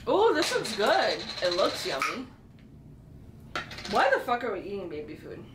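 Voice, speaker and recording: A woman's voice: medium pitch, huge pitch swings, a little slow. A young woman vlogger chatting casually, blunt and self-mocking, often laughing mid-sentence. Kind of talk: casual chat. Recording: echoey room with faint hum.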